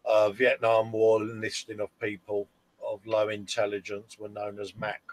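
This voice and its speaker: A man's voice: fairly low pitch, completely flat delivery, normal speed, rough recording. A man co-hosting a casual live stream, trading teasing, dry banter with the host. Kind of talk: casual chat.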